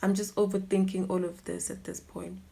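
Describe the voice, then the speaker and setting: A woman with a South African accent, telling a dramatic story time while doing her makeup, often dropping to a soft near-whisper. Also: mid-range voice, little pitch movement, brisk, creaky. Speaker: YouTuber.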